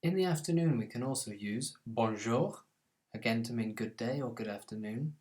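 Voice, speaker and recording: Guy teaching basic french, says the french bits slow n clear then explains. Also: medium pitch, darkish tone. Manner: slows down and stresses French phrases, then explains them plainly. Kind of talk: scripted language lesson.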